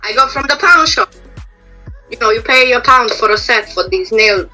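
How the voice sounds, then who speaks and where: Bright-voiced woman giving frank advice. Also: on the high side, animated, moderate pace, soft background music, rough recording. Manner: explanatory, frank, restarts phrases. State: losing her voice. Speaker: makeup and prosthetic artist guest. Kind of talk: casual interview answers.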